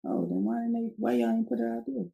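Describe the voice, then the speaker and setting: A woman's voice: a little high, fairly even intonation, quick pace, creaky, warm tone, muffled recording. A woman adding wry remarks to a casual podcast chat.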